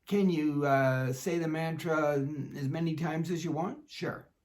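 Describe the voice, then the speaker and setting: A man working as a fitness instructor, calmly demonstrating an exercise routine with a touch of dry humor. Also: fairly high pitch, a little slow.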